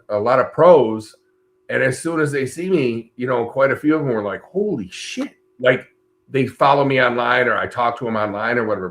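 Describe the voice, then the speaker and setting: A middle-aged man co-hosting a casual chat show, telling stories in a relaxed, blunt and profane way. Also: mid-range voice. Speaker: co-host.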